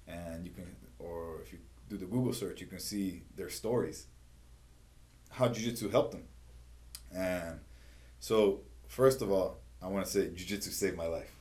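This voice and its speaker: A middle-aged man with a low, deep voice talking about his life as a martial arts coach. He tells stories with animated energy and keeps checking in with "you know what I mean". The tone is casual and conversational. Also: a little slow. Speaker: jiu-jitsu instructor and gym owner. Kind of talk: casual interview talk.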